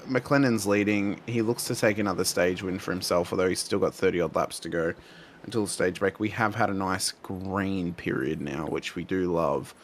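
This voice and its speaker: A man's voice: sits low, normal speed, slight background noise. A man calling a sim race and bantering with his co-host, enthusiastic and repeating words as he gets going. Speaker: lead race commentator. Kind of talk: sim racing play-by-play and banter.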